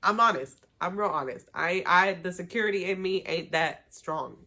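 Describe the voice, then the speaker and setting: A woman with a lowish voice talks through a show recap like she's chatting with a friend. She's slangy and animated, drops the odd swear, and keeps the storytelling loose and personal. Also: moderate pace. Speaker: TV recap vlogger.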